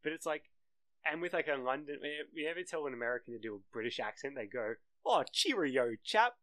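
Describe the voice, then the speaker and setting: A man's voice: medium pitch, quick pace, fairly bright tone, no echo. An Australian man co-hosting a podcast, rambling casually about films, swearing and tossing in mock accents. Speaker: podcast co-host. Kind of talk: casual chat.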